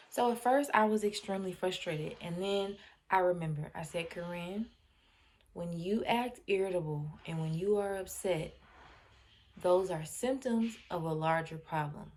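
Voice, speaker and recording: A woman with a lowish voice hosts her own channel and tells a story in a casual, unhurried way. When she quotes herself, she drops into a soft near-whisper.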